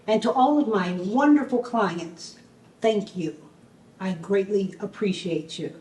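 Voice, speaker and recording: A woman's voice: medium pitch, unhurried, dark tone. A woman hosting her own talk show, upbeat and thankful, with a touch of preacherly fervor. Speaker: host. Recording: echoey room, distant mic.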